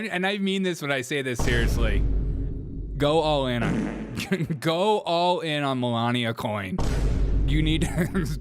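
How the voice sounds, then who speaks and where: Giggly, animated male livestream host. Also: a little high, noisy background. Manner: giggly, animated, laughs through his words. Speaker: show host. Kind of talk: livestream commentary.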